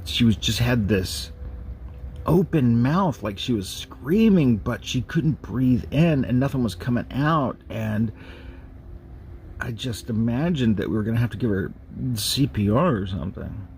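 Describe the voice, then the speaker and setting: A man telling a personal ghost story in a slow, measured, halting way, with pauses and restarts. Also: mid-range voice, animated, a little mellow, slight background noise. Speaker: narrator of a paranormal recording series.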